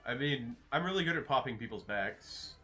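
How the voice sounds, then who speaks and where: A man's voice: mid-range voice, lively intonation, moderate pace, sharp tone, soft background music. A young man streaming, chatting casually and rambling with jokes as he answers his viewers. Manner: rambling, joking, reads out chat names.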